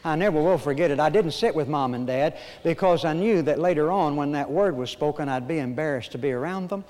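An older man preaching a sermon, moving between folksy storytelling and emphatic, slow points with dramatic pauses. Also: fairly high pitch, darkish tone, big-room sound. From Arkansas, USA. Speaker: pastor.

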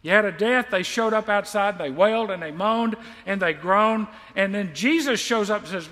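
Male pastor, high voice, sermon delivery; emphatic swells and quiet asides, echoey church. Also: normal speed, hardly any pauses. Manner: emphatic, swells loud on key lines, then drops quiet and confiding. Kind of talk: sermon, reading scripture with commentary.

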